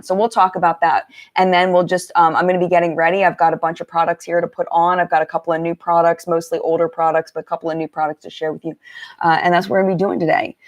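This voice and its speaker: A woman hosting a casual live-stream chat, greeting viewers one by one and talking about makeup products. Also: lowish voice. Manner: chatty, warm greetings to viewers, many fillers. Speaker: beauty channel host.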